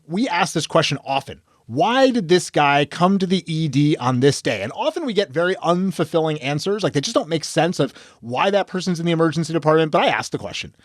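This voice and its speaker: A man's voice: on the high side, no room sound, clean studio sound. A man, an emergency physician, telling a case story on a medical podcast and acting out the dialogue.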